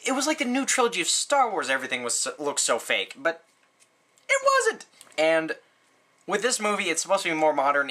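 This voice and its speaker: A man rambles through a casual movie review, full of "like" and "um" and sarcastic asides. He sounds animated, his pitch jumping frequently.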